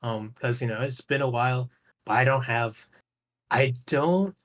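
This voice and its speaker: A man's voice: mid-range voice, a little slow, fairly bright tone. A man talking as a guest on a podcast in a loose, rambling way, swearing casually and restarting his sentences often. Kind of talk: casual chat about an online game.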